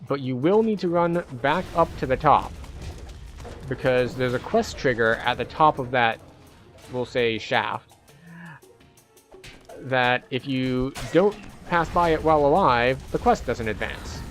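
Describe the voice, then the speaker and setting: A man gives casual play-by-play over his gameplay, chatty and a little self-deprecating. His voice sits at an ordinary middle pitch. Faint game music plays behind him. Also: a little slow, fairly bright tone. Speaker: gaming streamer.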